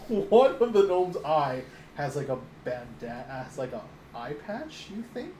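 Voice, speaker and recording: A man's voice: a little high, big pitch swings, slow pace, dark tone. A man narrating as game master of a tabletop game, rambling and filling his descriptions with "like". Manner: rambling, many fillers, laughs at own descriptions. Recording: echoey room with background noise.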